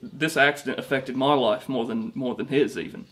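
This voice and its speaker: A man's voice: medium pitch, moderate pace, a bit bright, natural voice. A man plays a washed-up British rock singer, vain and sorry for himself. He rambles through his mockumentary interview, restarting his sentences as he boasts. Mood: rambling.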